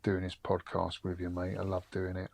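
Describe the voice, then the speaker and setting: A man's voice: low voice, monotone, moderate pace, creaky, darkish tone. A man co-hosting a casual podcast, friendly and upbeat as he talks to listeners. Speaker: podcast co-host.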